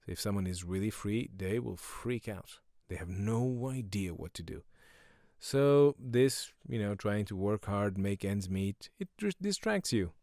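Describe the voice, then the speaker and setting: A man's voice: fairly low pitch, expressive, warm tone, no echo, clean studio sound. Sardonic man rambling on a podcast. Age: middle-aged. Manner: sardonic, jumps into quick silly voices. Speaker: podcast host. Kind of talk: rambling solo podcast monologue.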